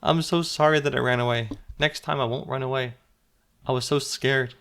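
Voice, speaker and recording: A man's voice: medium pitch, steady tone, moderate pace, a bit bright, smooth, natural voice. A man voicing a four-year-old girl in a children's story, raising his voice to sound small, pleading and scared. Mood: apologetic. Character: little girl of four, sweet and frightened.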